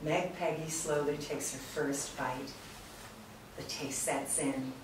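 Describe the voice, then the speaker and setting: A woman narrator with a low, steady voice slowly reads a screenplay's stage directions aloud during a read-through. She's recorded from far off in an echoey room with a noisy background.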